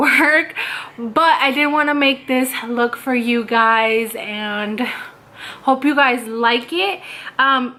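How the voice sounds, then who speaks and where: A woman's voice: fairly high pitch, bright, forceful tone. A woman, chatting casually through a makeup tutorial as a beauty vlogger. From California. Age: 20s. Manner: chatty, casual, addresses viewers as "you guys".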